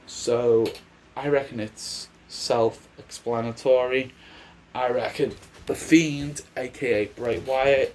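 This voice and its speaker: Brief: male vlogger, slow and unhurried delivery, chatty and rambling, mid-range pitch. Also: a little mellow, slight background noise. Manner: rambling, chatty, restarts his sentences. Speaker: wrestling commentator. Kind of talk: casual predictions vlog.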